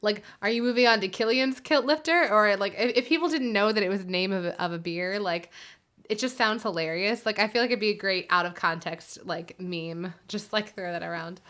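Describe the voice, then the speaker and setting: A woman's voice: medium pitch, moderate pace, fairly bright tone. A woman hosting her own live music stream, chatting casually with viewers, giggly and full of fillers.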